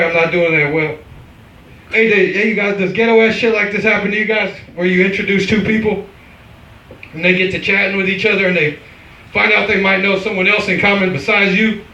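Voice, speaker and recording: A man's voice: high voice, bright, forceful tone. A man from the Midwest doing an open mic stand-up set in a bar with a brash, punchline-driven delivery. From American Midwest. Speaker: stand-up comedian. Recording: echoey bar from far off.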